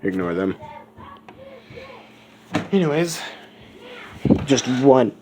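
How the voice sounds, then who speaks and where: A man's voice: mid-range voice, sing-song, very slow, background noise. A man telling a fan story in a casual, rambling way, with self-correcting asides. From United States.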